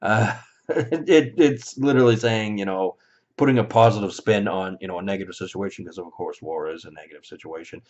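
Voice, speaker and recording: A man with a fairly low voice delivers a heated, foul-mouthed opinion rant. He swings from muttered asides to sudden loud outbursts and slips into mocking voices to quote the people he scorns. The recording sounds dull and lo-fi. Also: a little fast. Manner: mocking put-on voices when quoting others. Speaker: vlogger. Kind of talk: ranting opinion monologue.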